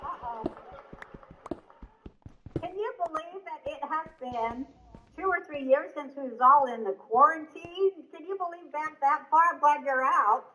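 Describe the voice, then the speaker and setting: A woman's voice: sits high, animated, a little slow, pushed and bright, a little hiss or hum, poor audio. An older woman doing a crude, rambling, sarcastic stand-up comedy monologue.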